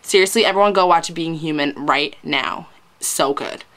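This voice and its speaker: A young woman vlogging at home to a webcam, rambling and gushing excitedly with lots of "like", a little teary. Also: low-pitched, normal speed. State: teary from crying. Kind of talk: casual fan vlog. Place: indoors at home, hot room.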